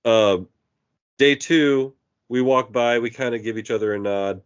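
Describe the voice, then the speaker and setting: A man's voice: mid-range voice, a little slow, clean tone, muffled recording. A man co-hosting a podcast, telling a story in casual chat and acting out the people he quotes. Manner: animated, acts out quoted voices. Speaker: podcast co-host.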